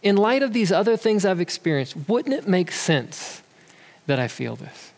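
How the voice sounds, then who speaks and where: A pastor in his thirties delivers a sermon with a fairly high voice and relaxed, conversational storytelling. His voice rings through a church hall with a long reverb. He sounds like he is talking with the congregation more than lecturing them. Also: moderate pace. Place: church sanctuary.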